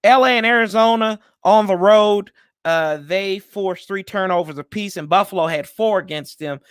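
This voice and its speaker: Male podcast host with a high-ish voice, casual and chatty, talking from home. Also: moderate pace, clear, resonant tone, no echo, clean studio sound. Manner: loose and chatty, with frequent fillers and self-corrections. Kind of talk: casual sports preview chat.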